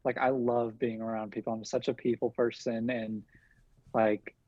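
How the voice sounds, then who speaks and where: A man's voice: mid-range voice, little pitch movement, normal speed, darkish tone, no room sound, muffled recording. A young man from Kentucky with a Kentucky accent, a guest chatting casually and bubbly over a video call, laughing often. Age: young adult. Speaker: guest, TikTok creator.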